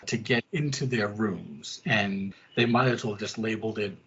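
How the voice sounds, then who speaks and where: A man co-hosting a casual podcast, retelling scenes in an animated way and dipping into quick voices for the people he describes. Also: fairly low pitch, breathy edge, highs cut off. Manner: animated storyteller, quick asides in character voices. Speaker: podcast co-host. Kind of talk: casual chat.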